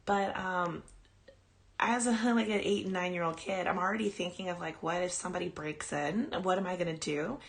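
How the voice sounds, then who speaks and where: A woman podcast host casually tells a personal ghost story on a live stream, chatty and rambling, and she breaks off to coo at her dog. Her voice is lowish and creaky. She keeps a steady tone at normal speed.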